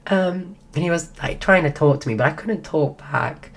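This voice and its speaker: A woman's voice: sits low, moderate pace. A woman streaming, telling a rambling story in casual chat while losing her voice. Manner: rambling, full of restarts.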